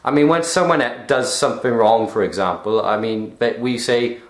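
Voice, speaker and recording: A young man with a Welsh accent explains local words with a dry, joking edge. His voice sits at an ordinary pitch for a man, and the room around him rings with a noticeable echo. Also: normal speed, hardly any pauses. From Wales. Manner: wry, jokey asides. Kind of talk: casual chat. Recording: roomy echo.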